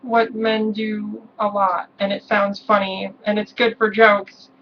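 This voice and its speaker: A young adult woman chatting casually in a vlog, relaxed, with many ums and little laughs. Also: medium pitch, measured pace. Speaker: vlogger. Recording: distant, dull lo-fi camera sound, faint hiss.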